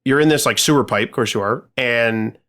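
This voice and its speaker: A man's voice: medium pitch, a little fast, fairly bright tone. A man co-hosting a podcast, telling a gaming story in casual chat, swearing freely and rambling with lots of fillers. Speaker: podcast co-host.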